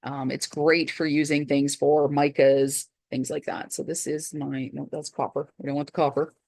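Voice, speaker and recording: A low-voiced woman with a gravelly edge talks through a craft project step by step. Her chatty tutorial delivery keeps circling back with little asides to the viewer. The sound is close and dry, with no room around it. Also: flat delivery, normal speed, darkish tone, no room sound. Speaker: craft channel host.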